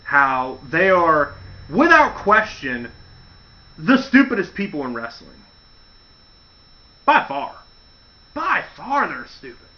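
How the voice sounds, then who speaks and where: A man's voice: fairly high pitch, sing-song, slow, pauses often. A man telling a wrestling story in a casual monologue, acting out the quotes with mocking voices. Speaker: wrestling commentary host. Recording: dull lo-fi audio.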